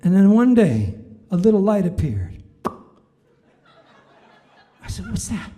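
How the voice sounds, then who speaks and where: A man's voice: sits high, very animated, slow pace, mellow. A man telling playful, self-mocking stories between songs on a live concert stage. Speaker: performing musician. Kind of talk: joking stage banter and storytelling. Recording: live music behind the voice. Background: piano music.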